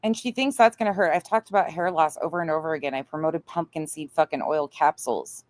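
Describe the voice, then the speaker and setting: Low-voiced, blunt, profane woman host. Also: fast talker, darkish tone, dry recording. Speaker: commentary channel host. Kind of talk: reaction commentary on a played clip.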